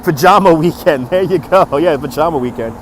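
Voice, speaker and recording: On a city waterfront street, a livestream host with a slightly high, brisk voice walks and greets his viewers individually, chuckling often and upbeat. A phone on a handheld gimbal captures it, with faint traffic behind.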